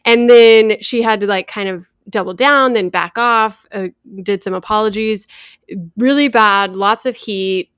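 A woman's voice: mid-range voice, unhurried, fairly bright tone, smooth, no room sound. Woman gossiping on a podcast, lots of "like", dry close mic. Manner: chatty, lots of "like" fillers. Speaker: podcast co-host. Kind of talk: casual pop culture chat.

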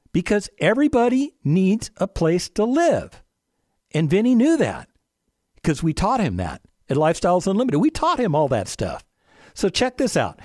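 A man hosting a radio talk show, speaking in an animated way with lots of rhetorical questions and jokey asides to his dog. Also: high voice, no echo, studio quality.

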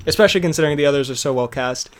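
A man's voice: on the high side, racing. A young man chatting casually on a podcast, rambling, swearing often and laughing at his own jokes. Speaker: podcast host. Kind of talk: casual chat reviewing TV shows.

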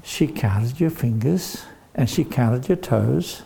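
An older man telling a dramatic story to children, animated and acting out the voices. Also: mid-range voice, slow pace, creaky. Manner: animated, acts out voices with shouts.

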